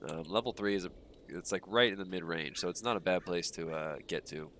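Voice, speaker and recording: A man's voice: low-pitched, fairly quick, a little hiss or hum. A young man with a stuffy nose, rambling casually with lots of ums while he streams a game. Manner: relaxed, rambling, frequent ums and uhs. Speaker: gaming streamer. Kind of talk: casual livestream commentary while playing.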